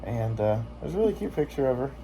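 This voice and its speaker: A man's voice: mid-range voice, sing-song, fast talker, background noise. A man vlogging in casual chat, joking and rambling with lots of filler words.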